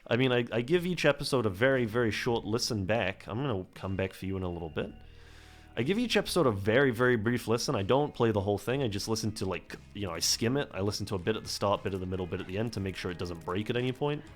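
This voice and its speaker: A man's voice: on the low side, lively intonation, fast talker, faint music behind. Rambling, self-deprecating gaming man. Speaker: gameplay commentator. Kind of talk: casual game commentary.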